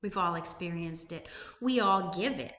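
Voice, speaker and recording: A woman's voice: on the low side, normal speed, fairly bright tone. A middle-aged woman, a life coach, giving an emphatic motivational talk full of rhetorical questions. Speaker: life coach and YouTube host. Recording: roomy echo.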